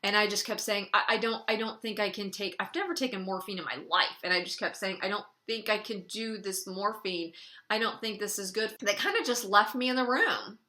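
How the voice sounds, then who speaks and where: A young woman speaks into her camera in an easy, confiding story-time style, her voice bright and crisp. She talks loosely and keeps slipping "like" into her sentences. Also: mid-range voice, brisk. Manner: chatty, frequent "like", wry laughs between lines. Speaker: beauty vlogger telling a personal story. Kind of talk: casual story-time monologue.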